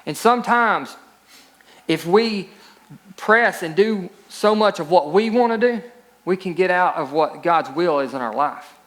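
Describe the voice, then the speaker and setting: A man's voice: sits high, animated, unhurried, fairly bright tone. A male pastor preaching a sermon, reading scripture aloud and rising into emphatic peaks.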